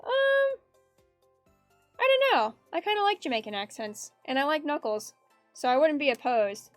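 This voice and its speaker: Woman, art streamer, high-pitched and giggly, loose rambling chat, dry close sound. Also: sing-song, normal speed, no room sound. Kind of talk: casual chat while drawing. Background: faint background music.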